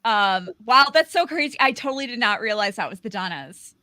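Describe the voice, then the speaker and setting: Host: woman, bright, lively voice, dry sound, rambling casual chat. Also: a little high, fairly quick, no room sound. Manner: chatty, rambling, with many fillers. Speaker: livestream host. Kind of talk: casual live aftershow chat.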